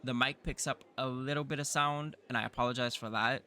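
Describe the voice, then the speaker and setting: A man's voice: mid-range voice, steady tone, a little fast, bright, forceful tone. A man hosting a gaming channel, thinking aloud in casual commentary. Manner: thinks aloud, chatty with fillers. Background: faint game music.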